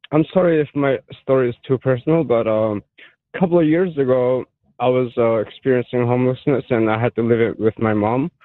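A man calling in to a radio show, emotional and halting, with many fillers and restarts. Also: medium pitch, dry recording. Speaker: caller. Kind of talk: call-in radio caller telling a personal story. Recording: tinny phone line.

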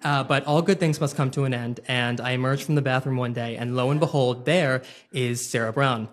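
A young man telling a funny personal story live, self-deprecating and quick-witted, with plenty of ums and uhs. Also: medium pitch, steady tone.

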